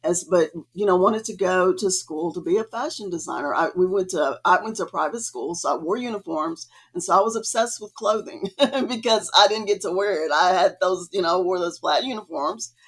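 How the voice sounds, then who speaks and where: A woman's voice: lowish voice, moderate pace, slightly rough. A woman artist, a podcast guest, telling her story in a casual, chatty way with many fillers. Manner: chatty, many fillers, acts out quoted dialogue.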